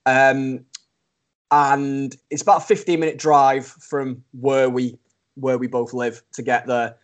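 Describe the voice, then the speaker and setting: A man's voice: mid-range voice, flat delivery, slow. A young man, telling a funny story in casual podcast chat, laughing often and mocking himself. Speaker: podcast co-host.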